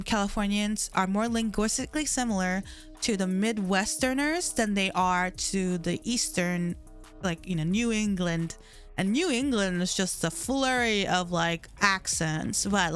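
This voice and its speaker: A woman's voice: mid-range voice, fairly bright tone. A young woman livestreaming from home, chatting casually with her chat in a rambling way, full of "like" fillers, into a desk mic.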